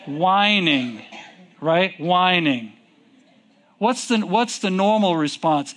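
A man preaching a sermon, reading scripture in King James wording and asking his congregation questions, with slow, drawn-out emphasis. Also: sits high, fairly bright tone, a faint crowd. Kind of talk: sermon with call and response.

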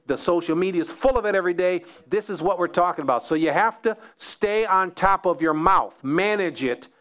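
A man's voice: sits high, a little fast, a bit bright. A man preaching a sermon as pastor, building emphasis through repeated phrases.

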